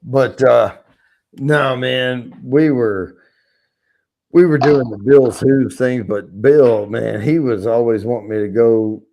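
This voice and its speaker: A man hosts a casual livestream and talks into a wireless clip-on mic. He tells long stories full of "uh" and restarts. His pitch sits in the middle range for a man. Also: slow pace, creaky, darkish tone, a little hiss or hum. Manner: rambling, profane storytelling with many fillers. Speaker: livestream host. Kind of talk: casual chat. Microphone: wireless lapel transmitter.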